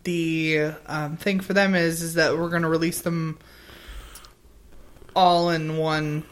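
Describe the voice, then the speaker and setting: A woman's voice: low voice, little pitch movement. Easygoing woman co-hosting a chat. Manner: easygoing, agreeable, halting. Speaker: podcast co-host. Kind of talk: casual chat.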